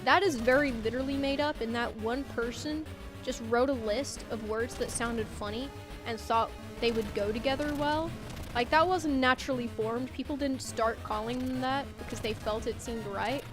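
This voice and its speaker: A woman game streamer with a fairly high voice chats casually on a live stream from a home room, rambling through her opinions and reading chat aloud. She speaks at normal speed over music.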